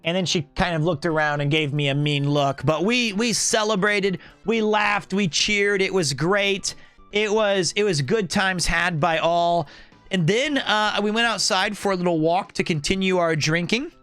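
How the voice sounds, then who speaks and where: A young man hosting a stream, telling a rambling, joking story in a casual, animated way. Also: high voice, moderate pace, smooth, dry recording, soft background music. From United States. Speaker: streamer host.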